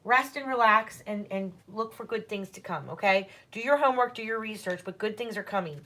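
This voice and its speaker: A woman's voice: mid-range voice, brisk, bright, forceful tone. A woman doing a casual livestream tarot reading at home, chatty and reassuring as she talks straight to her viewers.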